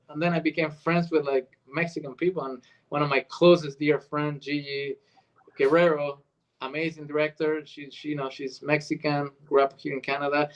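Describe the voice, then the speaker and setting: Argentine guy chatting in an interview, spanish is his first language, lively and kinda high voiced. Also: rough recording. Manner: animated, switches into Spanish accents to demonstrate. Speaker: voice actor guest. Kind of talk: casual interview chat.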